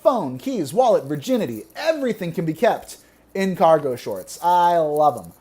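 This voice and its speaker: Young man, stand-up comedian, deadpan one-liners, chuckles at own jokes, warm dark tone. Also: a little high, moderate pace.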